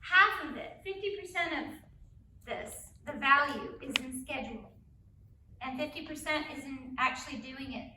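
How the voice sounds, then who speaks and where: A middle-aged woman giving a live parenting talk to an audience, energetic, often checking in with "right?". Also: high voice, normal speed, noisy background. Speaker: parenting speaker. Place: school auditorium. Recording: echoey room, mic from a distance.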